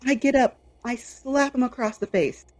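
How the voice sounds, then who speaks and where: Young woman on a podcast telling a story, lots of "like", kinda husky and warm. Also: high-pitched, moderate pace. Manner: animated, lots of fillers and quoted inner voice. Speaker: podcast co-host. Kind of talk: casual storytelling.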